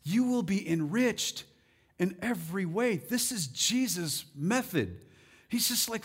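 High-voiced preaching man, rousing. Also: expressive, slow, husky. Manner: rousing preaching, swelling louder on calls to the congregation. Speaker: pastor. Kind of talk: sermon.

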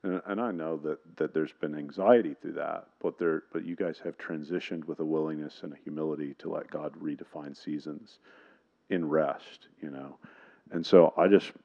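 A man's voice: a bass voice, fairly even intonation, normal speed, creaky, warm tone, lo-fi sound. A man speaking casually in church, hesitant and searching as he poses a question to a guest preacher. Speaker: pastor introducing a guest. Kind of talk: church introduction.

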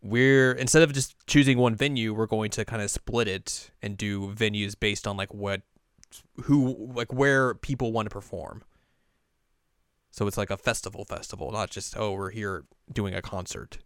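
A young man co-hosting a casual chat, retelling scenes with lively put-on character lines. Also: fairly low pitch, moderate pace, clear, resonant tone, no echo, clean studio sound. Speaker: podcast co-host recapping an anime.

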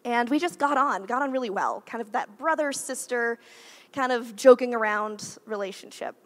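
A woman's voice: fairly high pitch, normal speed. Chatty woman preaching a casual sermon. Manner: chatty, uses "like" and "right?" often. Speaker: guest preacher. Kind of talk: conversational sermon.

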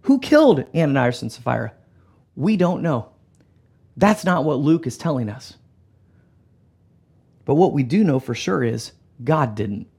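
A man preaching a sermon in an animated, emphatic way, often dropping to a soft, low delivery. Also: a little slow, creaky, long pauses, breathy edge. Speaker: pastor.

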